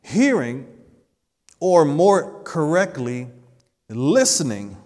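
A man preaching a sermon as pastor, swinging between loud emphatic peaks and soft hushed asides. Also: on the high side, big pitch swings, takes it slowly, pauses often, in a large hall.

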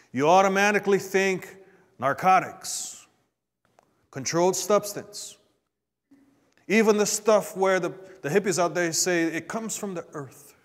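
A man delivers a sermon at a slow, deliberate pace, drawing out his words. His voice sits a little high for a man and alternates between hushed asides and forceful, emphatic climbs. He calls out to the congregation for responses, and a long reverb trails each phrase as it rings through a church sanctuary. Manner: dynamic preaching, swinging from quiet asides to emphatic rises. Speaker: preacher.

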